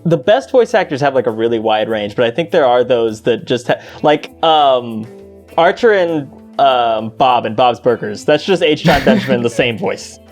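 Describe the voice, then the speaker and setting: Laid-back podcast co-host, full of fillers. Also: male voice, medium pitch, moderate pace, soft background music. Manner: relaxed, lots of fillers, swears casually. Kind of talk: casual chat.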